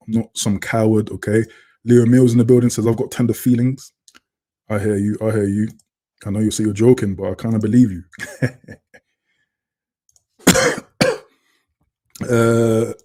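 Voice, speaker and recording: This man's voice is lowish and warm. He's a British host running a casual livestream, chatting away and reading viewers' chat comments aloud on a computer webcam mic.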